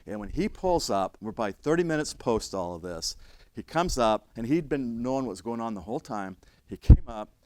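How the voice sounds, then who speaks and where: An older man, an instructor, telling a story in a lecture, emphatic and restarting his sentences, now loud, now quiet. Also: mid-range voice, lively intonation, a little fast, dry recording. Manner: emphatic, with frequent restarts and swings in loudness. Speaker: fire service instructor.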